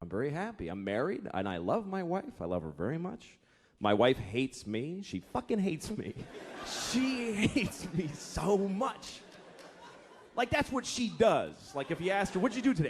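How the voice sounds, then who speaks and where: Exasperated stand-up comic, wildly swinging pitch. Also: male voice, wildly swooping pitch, moderate pace, a little hiss or hum. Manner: exasperated rants swinging from low mutter to loud. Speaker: stand-up comedian. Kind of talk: stand-up routine. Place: comedy stage before an audience.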